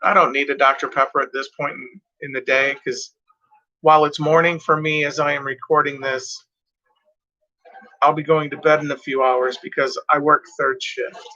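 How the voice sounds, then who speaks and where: A man's voice: fairly high pitch, level tone, normal speed, sharp tone, muffled recording. A tired, yawning man rambling casually as he reads out track lists from his cassette tapes. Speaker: music collector reviewing cassette tapes.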